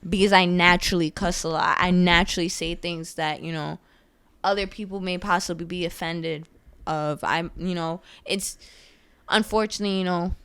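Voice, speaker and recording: A woman's voice: lowish voice, steady tone, normal speed, a bit bright, smooth. A young woman from New York, a podcast guest, rambling in casual slangy chat and cussing freely.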